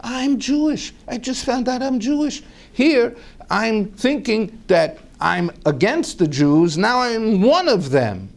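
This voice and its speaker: A powerful, hot-tempered man , put on by a male storyteller, shouts his lines in a voice pushed well above normal. He sounds indignant and ready to explode, his pitch swinging wildly from word to word. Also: very animated, slow, creaky, exaggerated voice. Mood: stunned. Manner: loud, indignant outbursts.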